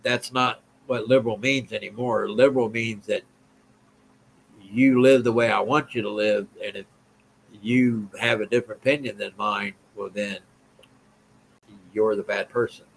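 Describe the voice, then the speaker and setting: A man's voice: on the low side, fairly even intonation, moderate pace, gravelly, a little hiss or hum, low-quality recording. A man hosting a political live stream, talking bluntly, repeating himself and answering viewers' comments. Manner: blunt, repetitive, reads and answers chat.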